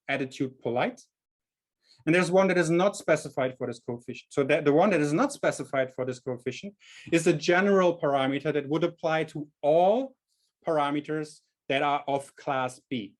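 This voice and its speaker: A man's voice: a little high, moderate pace. A man with a German accent teaching a statistics workshop over a video call, explaining step by step with frequent "right?" checks and small self-corrections. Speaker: statistics instructor. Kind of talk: online workshop lecture.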